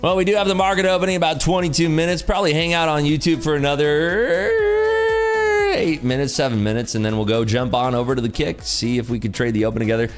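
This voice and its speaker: A man's voice: on the high side, fast talker, soft background music. A tired man hosting a day-trading livestream, joking and reading chat aloud in casual talk.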